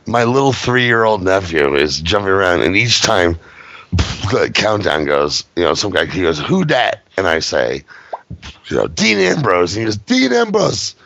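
A man co-hosting a casual podcast, jokey and quick with impressions and sound effects. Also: sits low, big pitch swings, a bit bright, dry recording, muffled recording. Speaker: podcast co-host. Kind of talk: casual chat.

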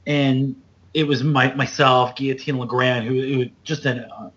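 A man hosting a podcast, telling wrestling road stories in a loose, animated way and acting out other people's lines. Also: a little slow. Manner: animated, loose storyteller, acts out quotes with big jumps up in pitch. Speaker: podcast host. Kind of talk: casual storytelling chat. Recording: dull lo-fi podcast audio.

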